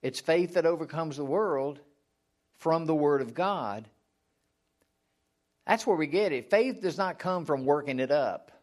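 A man's voice: expressive, unhurried, pauses often, a little mellow. A man giving a sermon in a conversational way, asking the listeners questions and answering them himself, and now and then acting out a mock prayer. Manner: acts out mock prayers in a high strained voice. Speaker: preacher.

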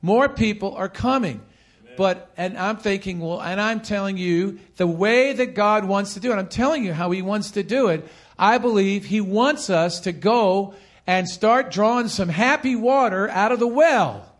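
A man's voice: high-pitched, normal speed. A man preaching a sermon as pastor, calling on the congregation to repeat phrases and hammering points home by repetition. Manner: animated preaching with call-and-response.

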